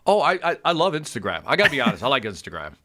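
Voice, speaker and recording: Co-host: eager mid-pitched man, reads out stats, repeats himself when excited. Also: rapid-fire, a little hiss or hum. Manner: enthusiastic, repeats his words, reads out statistics. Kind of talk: casual chat.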